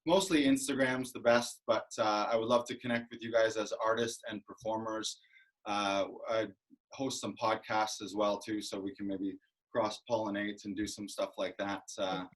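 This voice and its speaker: A man performing a stand-up set over a video call, with a deadpan, mock-grandiose delivery. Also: on the low side, low-quality recording. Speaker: comedian.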